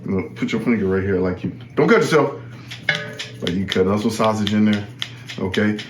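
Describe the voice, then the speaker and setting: A man's voice: fairly low pitch, fairly quick, reverberant, over music. A man hosting, walking through a cooking demonstration in a casual, chatty way and often repeating himself. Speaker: host.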